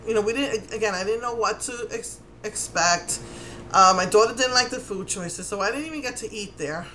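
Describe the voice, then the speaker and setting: A middle-aged woman with a New York Puerto Rican accent, telling a story in a casual, animated way and acting out what people said. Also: medium pitch, moderate pace, a little hiss or hum. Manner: animated, exasperated, acts out quotes. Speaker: vlogger.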